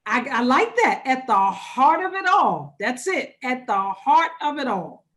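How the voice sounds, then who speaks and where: A woman's voice: sits high, sing-song, a little slow, fairly bright tone. A woman pastor leading an interactive online workshop over a video call. She talks conversationally and repeats key phrases for emphasis. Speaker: pastor leading a church webinar.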